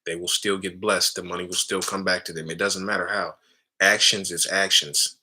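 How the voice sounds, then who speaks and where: A man's voice: deep voice, level tone, normal speed, pushed and bright. A man giving a casual spiritual teaching talk, calling listeners family and often adding "right?". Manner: casual, addresses listeners as family, frequent tag questions.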